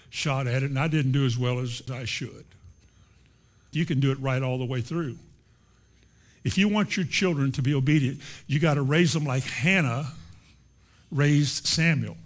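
A middle-aged preacher delivers his sermon with a voice pitched a little high for a man. He hammers each point home by repeating it, in plain, folksy words. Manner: emphatic, repetitive, folksy preaching.

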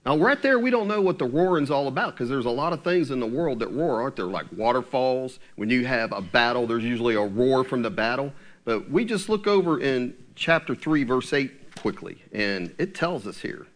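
A man preaching a conversational sermon, asking his listeners questions and slowing down into a low, solemn tone when he reads scripture. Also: animated. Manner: drops to a low, slow tone for scripture.

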